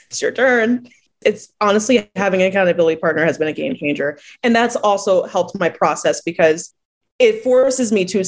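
A woman from New Jersey, a poet being interviewed, who chats casually, laughs often and acts out the people she quotes. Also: lowish voice.

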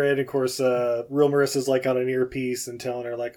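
A man's voice: mid-range voice, flat delivery, moderate pace, hardly any pauses, darkish tone. A man co-hosting a podcast, casually recapping a film scene by scene, laughing often and acting out the characters' lines. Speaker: podcast co-host.

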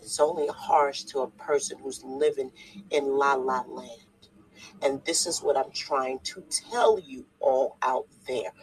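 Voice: medium pitch, a little mellow, a little hiss or hum, rough recording. An online preacher giving a blunt, scolding sermon to the camera, hammering points home with repetition and rhetorical questions. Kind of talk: preaching video.

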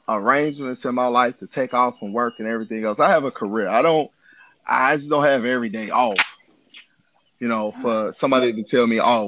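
A man who DJs, venting with emphatic energy in a casual group chat. His voice is bright and forceful, sitting at an ordinary pitch. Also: no room sound, muffled recording. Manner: animated complaining, emphatic.

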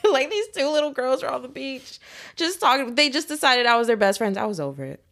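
A young woman telling stories in casual chat, blunt and profane, with an animated storyteller's delivery. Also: high-pitched, brisk.

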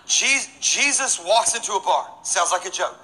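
A man preaching as pastor, energetic and joking, swinging between loud and hushed lines. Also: sits high, moderate pace, noisy background. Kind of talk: sermon.

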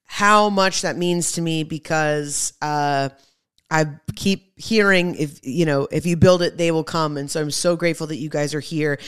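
Young woman podcast host, smooth clear voice, super animated, chatty with the listeners. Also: low voice, normal speed. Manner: animated, emphatic, talks to listeners as friends. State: pregnant. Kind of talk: casual monologue.

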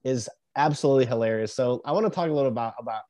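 A man hosting a podcast interview, talking in a halting, easygoing way full of fillers. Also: medium pitch, dark tone, no echo. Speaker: podcast host.

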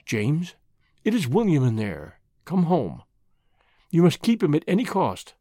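A narrator voicing a loving, determined middle-aged mother who speaks softly and tenderly. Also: medium pitch, huge pitch swings, unhurried, dry recording, studio quality, exaggerated voice. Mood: urgent. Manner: soft, tender. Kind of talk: reading a classic short story aloud.

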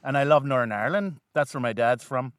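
A man's voice: medium pitch, quick pace, no room sound, clean studio sound. A man from Canada, a guest comedian in a casual podcast chat, rambling and swearing freely with a self-deprecating streak.

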